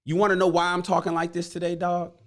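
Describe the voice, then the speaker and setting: A man's voice: high-pitched, monotone, fast, natural voice. A man voicing a frustrated working-class chariot builder, retelling a parable in profane street slang. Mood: resentful.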